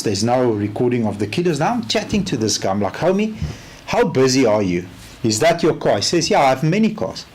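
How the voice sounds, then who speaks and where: A South African man giving a casual training talk, telling a story in an animated way and acting out both sides of the conversation. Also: medium pitch, slight background noise. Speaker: car sales trainer.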